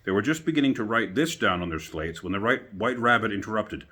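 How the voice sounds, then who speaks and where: Male storyteller, low voice, relaxed bedtime reading with chatty asides, recorded outdoors. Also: fairly quick.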